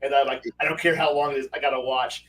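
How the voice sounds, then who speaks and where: A man hosting a casual chat about tabletop game design, animated and laughing, acting out quoted voices and swearing now and then. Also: mid-range voice, fast talker, far from the mic, rough recording. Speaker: host. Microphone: video call.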